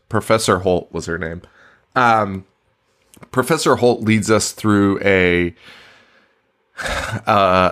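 A man's voice: fairly low pitch, fairly bright tone. A man co-hosting a podcast, casually recapping a movie in a rambling, profane way, stumbling over words and laughing often. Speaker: podcast co-host.

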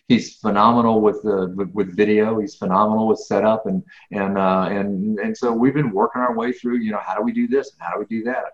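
A middle-aged man talks through his answers in a loose, earnest way, doubling back on words and getting heated when something annoys him. The sound is roomy and a little dull, like a lo-fi recording in an open space. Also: fairly low pitch. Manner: earnest, rambling, repeats words, grows animated when ranting. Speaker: guest, business speaker. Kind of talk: casual interview answers.

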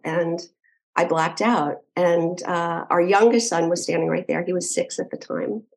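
A middle-aged woman, speaking as a podcast guest, earnestly retells events in detail for a personal storytelling interview, often restarting her sentences. Her voice is low for a woman, creaky and a little mellow, and the recording is rough.

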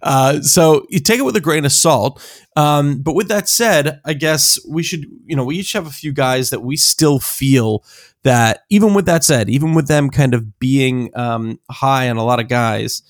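A man's voice: mid-range voice, normal speed, dry recording, clean studio sound. Hesitant man chatting on a podcast. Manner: hesitant, many fillers, laughs easily. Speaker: podcast co-host. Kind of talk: casual sports podcast chat.

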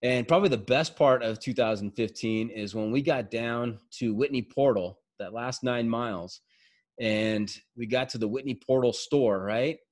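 A man hosts a podcast and spins a hiking yarn in a relaxed, chatty way. He talks quickly, tumbling over his words and restarting sentences as the story runs ahead of him. His pitch sits in an ordinary middle range. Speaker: podcast host. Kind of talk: casual storytelling chat.

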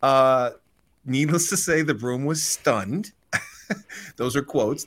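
A male sports talk host gives an energetic recap of a story. His pitch swings widely as he drifts in and out of impressions. He talks at a middle pitch with plenty of life. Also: slow pace. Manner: energetic retelling, slips into voices.

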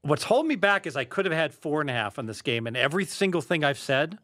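A man's voice: a little high, big pitch swings, fast, fairly bright tone, dry recording, clean studio sound. A man analysing sports bets in a casual debate, talking in a hesitant, rambling way full of restarts.

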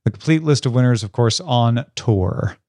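A man's voice: mid-range voice, moderate pace, warm tone, dry recording. Guy cohosting a book podcast, jokey, laughs a lot, dead dry mic. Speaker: podcast co-host. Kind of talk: casual chat.

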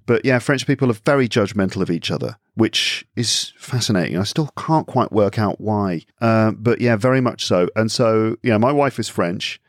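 English guy on a podcast, lower voice, tells it lively with little put-on voices, dry mic. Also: normal speed, hardly any pauses, no room sound. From England. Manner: chatty, animated storytelling with acted-out asides. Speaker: guest, English teacher. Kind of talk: casual podcast conversation.

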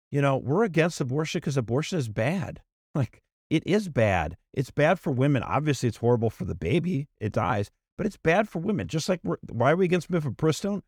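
A man co-hosting a political talk podcast, speaking in an emphatic, animated way with frequent restarts. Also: mid-range voice, no room sound, clean studio sound. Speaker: podcast co-host. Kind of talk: casual political chat.

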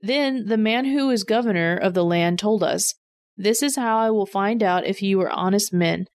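A woman's voice: medium pitch, moderate pace, dry recording, natural voice. A woman reading the lines of a group of worried adult brothers, in a plain read-aloud delivery. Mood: reporting.

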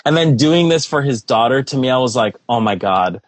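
A man's voice: mid-range voice, lively intonation, brisk, no room sound. A man co-hosting a podcast in casual chat, effusive and emotional, swearing freely. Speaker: podcast co-host.

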